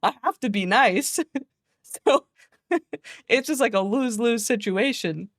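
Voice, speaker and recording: A woman streamer chatting casually with her viewers. She rants in an animated way, swears freely, laughs often and mocks the people she is quoting. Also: a little high, a little slow, dry recording, clean studio sound. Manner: exasperated, mocking quoted voices.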